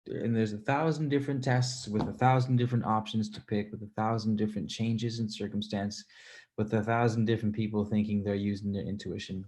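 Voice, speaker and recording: A man hosting a casual livestream, reading viewer comments aloud, animated and swearing freely as he talks. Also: on the low side. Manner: animated, swears freely, laughs between points.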